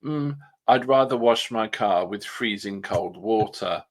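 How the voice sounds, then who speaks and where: A man's voice: fairly low pitch, animated, a little slow. A man co-hosting a casual podcast chat, opinionated and wry, sometimes mimicking other people's voices. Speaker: podcast co-host.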